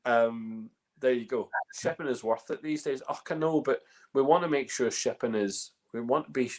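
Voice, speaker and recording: A Northern Irish man hosts a live tasting in a chatty, meandering way, stopping and restarting his sentences often. His voice sits at an ordinary middle pitch for a man. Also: moderate pace, darkish tone. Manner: chatty, rambling, lots of fillers and restarts. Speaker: host of a whiskey tasting. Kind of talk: casual live-stream chat.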